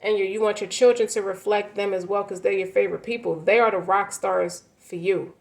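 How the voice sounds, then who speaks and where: A woman's voice: mid-range voice, steady tone, brisk, gravelly, a little mellow, poor audio. A woman doing a tarot reading, talking in a rambling, emphatic way with many fillers and restarts. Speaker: tarot reader. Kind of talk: tarot reading, casual spoken.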